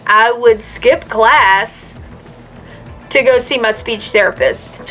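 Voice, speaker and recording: Soft music plays behind this thirty-something vlogger as she recounts a personal story slowly, in a fairly high, slightly bright voice. She sounds casual and sincere, often using fillers and starting over.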